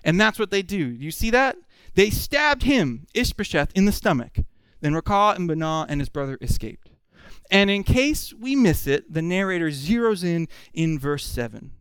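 Male preacher, expository sermon; conversational and animated, with a smooth, crisp tone. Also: sits high, moderate pace, no echo. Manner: animated, conversational, full of rhetorical questions.

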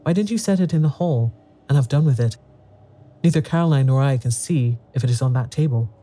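A man voicing an impatient, sharp-tongued woman in a storybook reading, speaking briskly. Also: mid-range voice, lightly acted. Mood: scolding. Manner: brisk, scolding.

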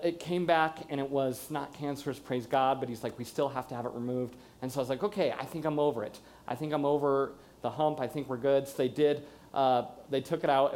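A man's voice: on the high side, a little mellow, a little hiss or hum. A man, around his thirties or forties, telling a candid personal story in a conversational way, acting out what people said and what he thought. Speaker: speaker sharing a personal story. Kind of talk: personal testimony talk.

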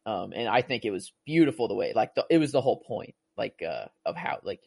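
A man's voice: on the low side, expressive, a little fast, creaky, breathy edge, no echo. A man chatting casually about a movie, rambling and gushing, full of filler words and restarts. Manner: emotional, gushing about the film.

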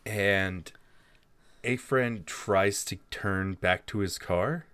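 A man narrating a tabletop horror game as game master, animated and laughing along. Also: fairly low pitch, drawn-out words, clean tone, no room sound.

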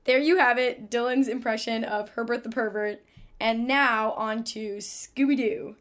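Casting: young female host, high voice, casual and laughing. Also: steady tone, unhurried, fairly bright tone. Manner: giggly, self-deprecating. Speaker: podcast host. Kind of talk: casual chat and narration.

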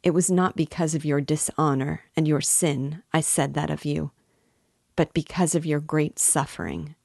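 Woman voicing a frenzied young man, intense, lecturing, low voice, dry. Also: steady tone, normal speed, gravelly, darkish tone, no room sound.

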